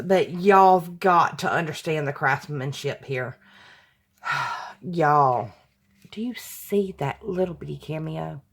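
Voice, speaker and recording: A woman's voice: sits low, a bit bright. A woman, hosting her crafting channel from home, gushing and apologetic and often sighing with emotion. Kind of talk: casual chat to camera. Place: home room with hardwood floor.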